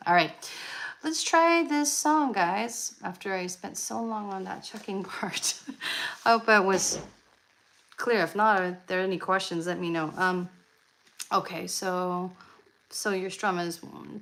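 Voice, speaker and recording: A woman's voice: lowish voice, a little slow, creaky, a bit bright, poor audio. A woman leading a live-streamed ukulele lesson, chatty with fillers and restarts, often counting beats aloud. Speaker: ukulele club leader. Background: ukulele playing.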